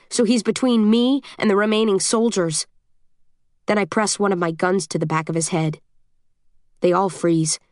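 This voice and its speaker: Dry, steady woman audiobook narrator. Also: medium pitch, no room sound. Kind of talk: first-person audiobook narration.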